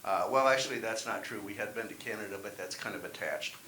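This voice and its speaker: A man's voice: lowish voice, fast, bright, forceful tone. A man performing a wry, self-deprecating stand-up set at an open mic. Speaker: stand-up comedian. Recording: echoey room, faint hiss.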